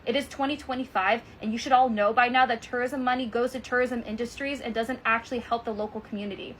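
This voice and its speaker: A woman's voice: fairly high pitch, steady tone, fast, slight background noise, poor audio. A woman from Hawaii talking straight to camera in a firm, scolding, emphatic way. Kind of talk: direct-to-camera rant.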